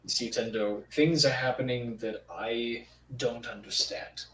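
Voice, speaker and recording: A man's voice: mid-range voice, steady tone, a little slow, a bit bright. A man speaking in character as a player in a tabletop role-play, rambling and hesitant with many fillers. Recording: roomy sound, from far off, faint noise.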